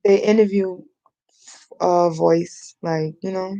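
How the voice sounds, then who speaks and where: A woman's voice: lowish voice, fairly even intonation, slow pace, warm tone, dry recording. A woman chiming in with short, laid-back remarks in a casual chat. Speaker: friend chiming in off camera. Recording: dull, lo-fi from off-mic.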